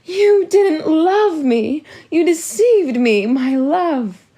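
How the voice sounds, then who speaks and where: A woman's voice: medium pitch, lively intonation, a little mellow. A woman voicing a vain, pouting middle-aged stepmother in a storybook reading. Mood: distraught. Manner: pouty, whiny, drawn-out.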